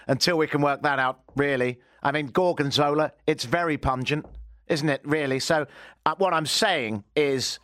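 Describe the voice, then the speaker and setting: A man's voice: fairly high pitch, normal speed, a bit bright, no room sound. A man with an English accent hosting a radio show in a studio, joking and sarcastic. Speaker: radio host. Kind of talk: casual radio chat. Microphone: studio mic.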